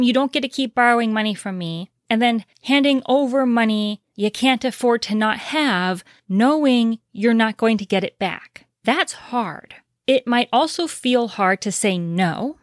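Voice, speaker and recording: A woman's voice: medium pitch, no echo, studio quality. A woman giving earnest, reassuring relationship advice, repeating key points for emphasis. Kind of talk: direct-to-camera advice talk.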